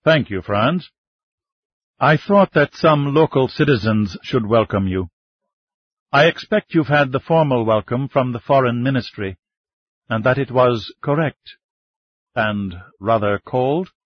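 A man's voice: mid-range voice, lively intonation, a little slow, slightly rough, no echo. A man voicing a gracious male cardinal welcoming a guest, in an audiobook reading. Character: warm older male cardinal, gracious host. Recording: dull lo-fi dry recording.

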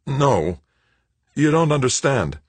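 A man voicing an injured young man who speaks in a strained croak. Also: medium pitch, very animated, takes it slowly, dry recording, pitched above the performer's own voice, full character voice. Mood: weak.

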